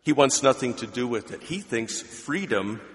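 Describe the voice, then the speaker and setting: A man preaching a sermon, emphatic, swinging between loud declarations and quiet asides. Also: medium pitch, lively intonation, normal speed, in a large hall. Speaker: pastor.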